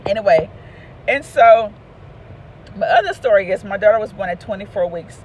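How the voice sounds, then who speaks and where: A woman, an author and speaker, telling a lively personal story and hollering out the voices she quotes. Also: medium pitch, normal speed, a little hiss or hum. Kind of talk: casual storytelling.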